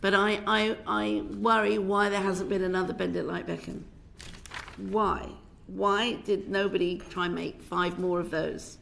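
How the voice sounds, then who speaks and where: A woman's voice: mid-range voice, flat delivery, a little slow, gravelly, fairly bright tone, slight background noise. A middle-aged British woman film director with a British accent, giving passionate, emphatic evidence to a committee, often restarting her sentences. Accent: British English. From Britain. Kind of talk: parliamentary committee testimony. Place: committee room.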